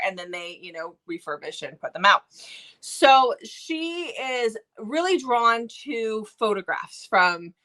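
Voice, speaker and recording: A woman co-hosting a book review channel, chatting casually and gushing with lots of restarts as she retells a story. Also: medium pitch. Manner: gushing, self-interrupting, animated storytelling.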